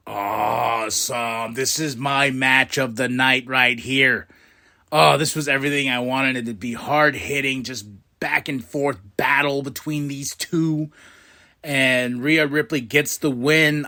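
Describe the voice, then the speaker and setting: A man hosting a podcast, recapping a wrestling show in a casual monologue and acting out what the wrestlers said. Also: medium pitch. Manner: excitable, acts out quotes in quick voices.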